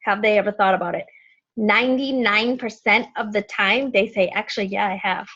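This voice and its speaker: A woman coaching her team in a casual training talk, chatty and animated, acting out friendly messages in a bright voice. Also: medium pitch, moderate pace, breathy edge. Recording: dull lo-fi sound.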